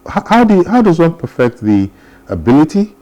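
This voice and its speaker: A man's voice: a little high, very animated, brisk, dark tone. A man hosting a morning TV show, chatty and playful as he interviews a guest. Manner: chatty, playful, laughs often. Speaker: TV talk show host.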